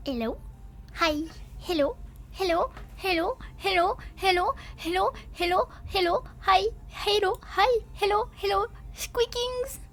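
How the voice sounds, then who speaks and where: A woman's voice: extremely high pitch, expressive, a little slow, fairly bright tone. A woman streamer in casual live chat, giggly and apologetic, hesitant with many fillers, talking while she eats and drinks. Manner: talks while eating and drinking.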